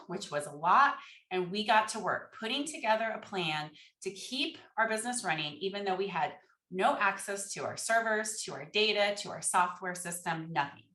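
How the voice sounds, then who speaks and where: Woman, keynote speaker, animated storytelling, bright tone, roomy echo. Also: mid-range voice. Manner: animated, acts out quoted dialogue.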